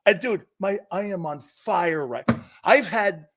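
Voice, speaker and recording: A man hosting a sports talk show, telling rambling, animated stories with many restarts while standing. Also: high voice, slow. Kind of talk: casual sports talk banter.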